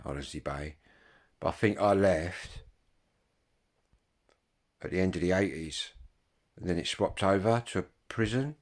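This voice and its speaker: A man, chatting casually to viewers in a rambling way, full of ums and swearing. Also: low-pitched. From Kent, England. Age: 50s. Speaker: vlogger.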